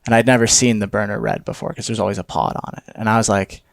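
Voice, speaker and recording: Young man co-host, low-pitched, lively storyteller with a casual mouth, dry studio sound. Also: racing, few pauses, no room sound. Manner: animated storyteller, swears casually. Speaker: podcast co-host.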